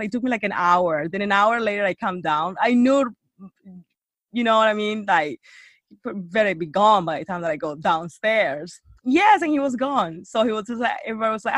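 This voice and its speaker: A woman telling a story in casual chat, animated, acting out quotes and saying "like" a lot. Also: a little fast, dry recording, clean studio sound. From Bay Area. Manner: animated, acts out quotes in a high voice, lots of "like".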